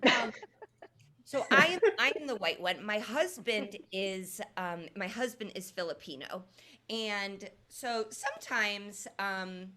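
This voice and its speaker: A woman from Indiana, in her thirties, performing a stand-up comedy set in a casual, deadpan way with lots of ums. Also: medium pitch, slow. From Indiana, USA. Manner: deadpan, conversational, with filler ums. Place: comedy venue with live audience.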